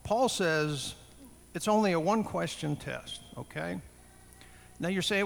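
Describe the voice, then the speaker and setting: A man's voice: sits high, measured pace, gravelly, long pauses. A man preaching a sermon to a congregation in a conversational way, often putting questions to his listeners. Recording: long hall reverb.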